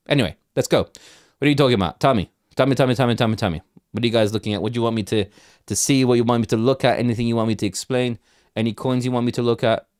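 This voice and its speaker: With a fairly low, darkish voice, this crypto livestream host offers casual market commentary over his charts. He wanders as he talks, repeats words and asks the chat for questions, in studio-quality audio free of room sound.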